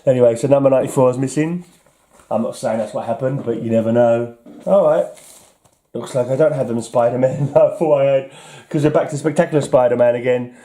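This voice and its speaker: Dark-voiced English man sorting comics. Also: medium pitch, fairly even intonation, fairly quick. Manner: wry, chuckling, self-mocking. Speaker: comic collector vlogger. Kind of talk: casual talk while sorting comics.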